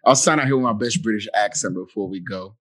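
A man hosting a casual chat, playful and teasing, breaking into loud laughter often. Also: on the low side, fast.

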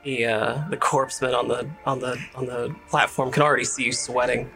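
A man narrating a tabletop game as game master, measured and hesitant, with fillers. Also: medium pitch, little pitch movement, gravelly, music in the background.

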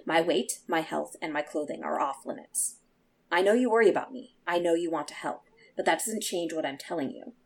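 A woman with a fairly low, breathy voice reads a novel aloud for a book podcast. Her delivery is soft and quiet. She reads the dialogue with feeling but keeps her volume down. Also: rough recording. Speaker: podcast co-host. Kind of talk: reading a novel aloud, then discussing.

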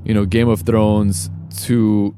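A man's voice: on the low side, level tone, takes it slowly, warm tone, a little hiss or hum. A man co-hosting a casual podcast, talking with many fillers and restarts. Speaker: podcast co-host. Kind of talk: casual chat.

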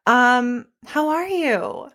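A young woman talks into her podcast microphone in a loose, unscripted solo episode. She is chatty and candid, with animated asides and casual swearing. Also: a little high, very slow. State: pregnant. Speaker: podcast host and fitness instructor.

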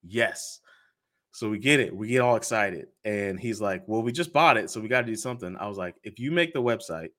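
A man's voice: lowish voice, a bit bright. A man, a podcast host being interviewed, telling a story in casual chat and acting out the quoted dialogue with laughs.

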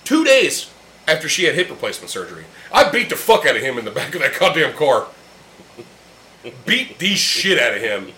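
Fairly high-pitched with wildly swooping intonation, this podcast host speaks at normal speed in a bright, forceful tone. His casual chat over beers with friends in a room is blunt, heated, and heavily profane, recorded with roomy echo and a faint background hum.

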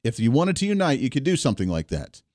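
A man in his thirties hosting a talk show, telling a family story and giving opinions in an animated, indignant way. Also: mid-range voice, quick pace, no echo, clean studio sound. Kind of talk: opinionated monologue.

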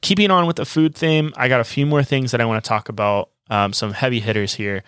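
A man's voice: medium pitch, steady tone, quick pace, fairly bright tone, clear, resonant tone, no room sound, clean studio sound. A man co-hosting a casual travel podcast, recommending places to listeners with enthusiasm. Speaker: podcast co-host.

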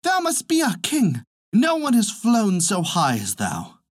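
A man's voice: fairly low pitch, huge pitch swings, takes it slowly, pushed and bright, dry recording, studio quality, heavily acted. A man voicing a flock of indignant birds in a told folk tale, scolding in old-fashioned speech. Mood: pleading. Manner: archaic, scolding.

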